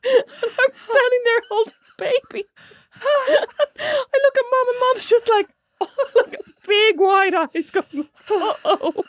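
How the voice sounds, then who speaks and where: A woman's voice: very high-pitched, takes it slowly, dry recording, studio quality. A woman in her thirties co-hosting a podcast, telling a family story with lots of laughter. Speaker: podcast co-host. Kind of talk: casual chat.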